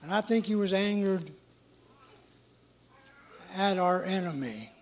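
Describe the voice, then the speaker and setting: A middle-aged man preaching a sermon in an earnest, emphatic way, with a measured delivery. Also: high-pitched, animated.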